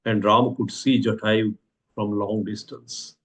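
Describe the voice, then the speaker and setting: A man's voice: on the low side, little pitch movement, measured pace, fairly bright tone. Indian man teaching a scripture story. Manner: repeats rhetorical questions, hesitant fillers.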